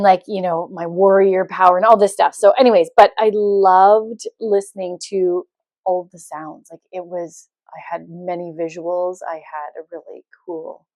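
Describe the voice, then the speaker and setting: Woman host, chatty solo story, acts out quotes, loud laugh, dry booth. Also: on the low side, vocal fry, no room sound. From Canada. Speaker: podcast host. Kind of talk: casual storytelling monologue.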